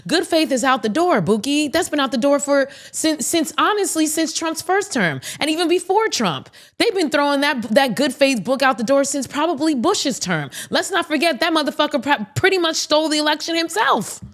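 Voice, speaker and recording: A woman hosts a podcast with casual political commentary, and her voice sits a little high. She is blunt and outspoken, swears freely, and talks straight to her listeners. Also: expressive, normal speed, few pauses, fairly bright tone. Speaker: podcast host.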